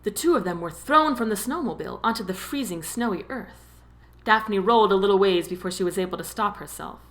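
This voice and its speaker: A woman narrating a romance novel as an audiobook, with expressive storytelling. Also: mid-range voice, brisk. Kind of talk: scripted narration.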